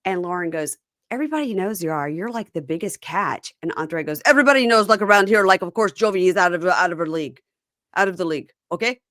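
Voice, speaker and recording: Lively woman retelling scenes, low voice. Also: brisk, dry recording, clean studio sound. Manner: retells scenes quoting people in lively put-on tones. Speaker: podcast host. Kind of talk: casual recap chat.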